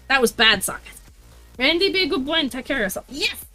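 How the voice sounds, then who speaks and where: A woman's voice: high-pitched, animated, fast talker, bright, forceful tone, soft background music. A woman livestreaming while she crafts, chatting to viewers in a bubbly, playful way and often singing or laughing. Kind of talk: casual live-stream chat while crafting.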